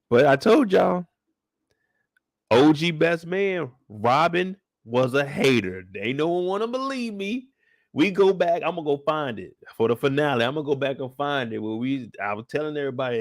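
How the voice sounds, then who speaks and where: A man hosting a live recap in a high, bouncy voice that swoops all over. He talks in a slangy, playful way, and the sound is dry and close. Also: animated, moderate pace, dry recording. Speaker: show host recapping a series.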